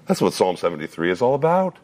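A man in his thirties preaching a sermon, earnest and repeating phrases as he builds each point, sometimes dropping into a relaxed, story-telling tone. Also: fast. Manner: drops to a low conversational tone for a personal story. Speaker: pastor.

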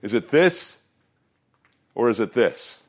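A middle-aged man preaching to a student youth group. He says the memory lines slowly with emphasis and drops in joking asides. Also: mid-range voice, very animated. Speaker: student ministry pastor.

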